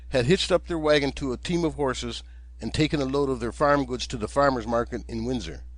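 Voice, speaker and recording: A man, the author, narrating his own audiobook in a steady, gentle storytelling manner. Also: mid-range voice, dry recording.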